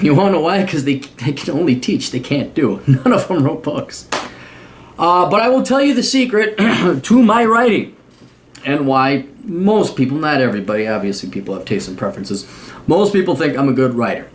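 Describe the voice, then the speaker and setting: A man's voice: medium pitch, expressive, moderate pace. Blunt, sardonic man. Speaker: host. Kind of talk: opinionated monologue.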